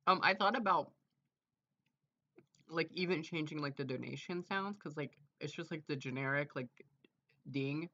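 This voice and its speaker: Bright, rambling streamer. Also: medium pitch, normal speed, pauses often, highs cut off. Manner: rambling, filler-heavy, trailing off. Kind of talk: casual livestream chat.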